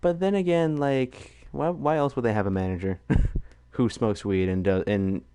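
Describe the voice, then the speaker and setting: A man's voice: mid-range voice, fairly even intonation, normal speed, warm tone, smooth. A young man from the United States chatting casually and goofily late at night on a stream. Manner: goofy, joking, laughs often.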